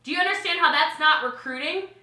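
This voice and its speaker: A woman from Maryland, a network marketing coach, talking to her team on a livestream in an excitable, gushing way. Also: sits high, quick pace, echoey room. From Maryland, USA. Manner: excitable and gushing, with big swings in loudness. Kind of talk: live-streamed team training. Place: home in Texas.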